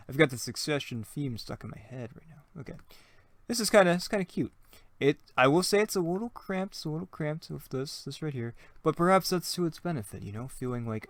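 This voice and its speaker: A man's voice: on the high side, animated, a little fast, no echo. A young man hosting his own gaming channel, chatting casually and thinking aloud as he plays, with self-mocking jokes and plenty of rambling asides. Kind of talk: casual let's-play commentary.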